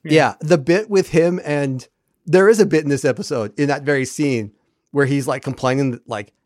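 A man co-hosting a podcast in casual chat, animated and profane, acting out lines from the episode. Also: fairly high pitch, moderate pace, no room sound, clean studio sound. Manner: animated, profane, acts out quoted characters. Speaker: podcast co-host.

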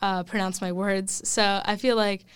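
As a student guest, a first-year college woman chats casually in an interview, with lots of fillers and laughter. She's a young adult whose medium-pitched, smooth voice has a flat delivery and measured pace, recorded dry.

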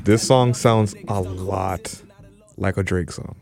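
A man from Canada co-hosting a podcast, chatting casually and joking, with quick restarts and fillers. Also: deep voice, fairly even intonation, gravelly, a little mellow, soft background music. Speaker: podcast co-host. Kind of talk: casual chat.

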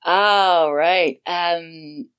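Low-voiced enthusiastic woman guest. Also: fairly even intonation, very slow, a bit bright, clean tone. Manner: enthusiastic, gushing; many fillers. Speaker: voice actor guest. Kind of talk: casual interview chat.

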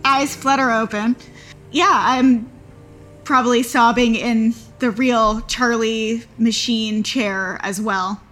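Female player, hesitant and filler-heavy, quiet music behind. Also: a little high, steady tone, slow pace. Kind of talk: casual tabletop play.

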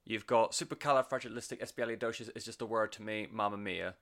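A man's voice: on the low side, quick pace, a bit bright. A man giving a casual, enthusiastic music review, rambling with plenty of fillers and swearing. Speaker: album reviewer.

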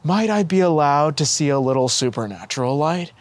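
A man's voice: on the high side, expressive, fairly quick, no room sound, lightly acted. A man voicing an elderly priest who asks hesitant, wondering questions in awe. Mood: awed.

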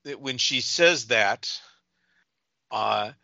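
A man guesting on a casual movie podcast, his voice strikingly bright and sharp. He talks in a wry, teasing way. The sound is dry and close, with a slightly dull lo-fi quality. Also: mid-range voice, lively intonation, drawn-out words, creaky, no echo.

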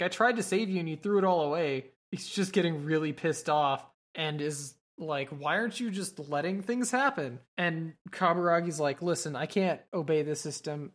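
Low-voiced woman recapping casually. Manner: swears casually, acts out quoted lines in passing. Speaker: podcast co-host recapping an anime. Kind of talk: casual chat, recapping scenes.

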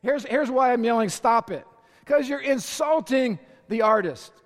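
A male pastor preaching a sermon to a congregation, energetic and emphatic, with sudden shouts and playful asides. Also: very high-pitched, measured pace, in a large hall. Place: church auditorium with congregation.

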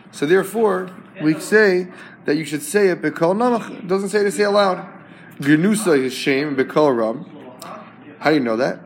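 Man, Talmud teacher, fairly high pitch, phrase-by-phrase explanations, frequent check-ins with the class. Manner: translates each term phrase by phrase, checks in with the class.

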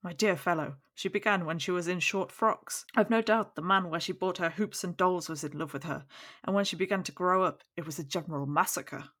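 A woman's voice: fairly low pitch, brisk, a bit bright. A woman reading the part of a fat, jovial older lord who gossips with exclamations, in an audiobook. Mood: gossipy. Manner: chatty, gossipy storytelling with exclamations.

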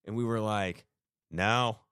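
A podcast co-host tells a story in casual chat, rambling, acting out quotes, and using lots of fillers. His voice is medium-pitched, expressive, and fairly bright at a normal speed, captured in a dry, studio-quality recording.

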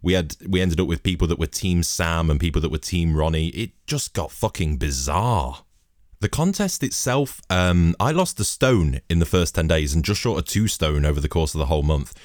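Young podcast host, very low voice, dry close sound, swears freely while telling a story. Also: male voice, normal speed, dry recording. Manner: sweary, animated anecdote telling. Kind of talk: casual storytelling monologue.

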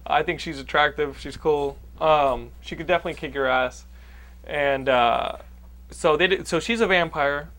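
A man's voice: on the high side, normal speed, a bit bright. A man hosting a podcast, recapping a movie plot in casual chat with many restarts. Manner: rambling, restarts a lot. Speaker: podcast host.

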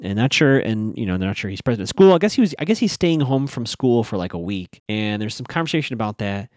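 A man casually recapping a TV episode, chatting to his audience with fillers and quick asides. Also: on the low side, animated, a little mellow, no room sound, studio quality. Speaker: show recap host.

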